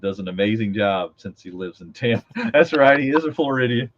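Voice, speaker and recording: Low-voiced teasing American man, lo-fi. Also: animated, fairly quick, a little hiss or hum. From United States. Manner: joking, teasing. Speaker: co-host. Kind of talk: casual banter on a livestream. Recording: lo-fi audio.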